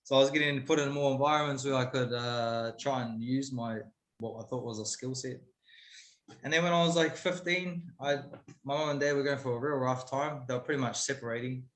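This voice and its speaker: A man's voice: medium pitch, a little fast, a bit bright. A man, a guest telling a story casually and candidly, swearing freely. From New Zealand. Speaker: guest, MMA fighter. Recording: roomy echo.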